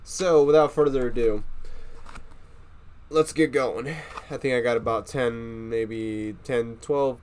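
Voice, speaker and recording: A man's voice: medium pitch, fairly even intonation, takes it slowly, darkish tone, a little hiss or hum. Profane, rambling man reading a book. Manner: rambling and profane, laughs at himself. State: recovering from a cold. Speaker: host reading a novel aloud. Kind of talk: casual reading aloud with commentary.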